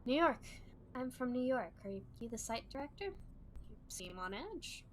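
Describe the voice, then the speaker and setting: Woman reading a nervous young researcher guy from a storybook, uneasy and questioning, fairly high voice. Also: animated, normal speed, a little hiss or hum, close to an everyday voice. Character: young male junior researcher, anxious and rattled.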